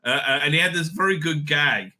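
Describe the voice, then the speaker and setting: Excitable high-voiced middle-aged man. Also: a little fast. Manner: excitable, profane and blunt, laughing often, trailing off mid-thought. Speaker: show host reviewing TV episodes. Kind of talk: casual rambling review monologue.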